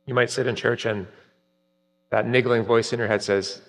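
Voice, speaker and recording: A man preaching a sermon earnestly, rising for emphasis and dropping soft at key points. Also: mid-range voice, fairly even intonation, normal speed. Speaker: pastor. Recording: long reverb, hall-like.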